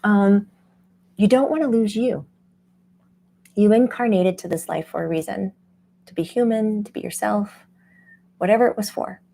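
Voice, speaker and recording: A woman who hosts a spiritual channel as a medium, teaching casually in an animated way and laughing often. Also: mid-range voice, normal speed, vocal fry, long pauses. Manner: animated, laughs often, acts out quoted voices.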